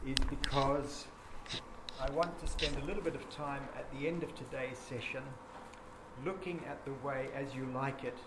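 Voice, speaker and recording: A man's voice: medium pitch, fairly even intonation, normal speed. A man giving a classroom lecture, explaining patiently and chanting rhythms aloud. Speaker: teacher. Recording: echoey classroom with background noise.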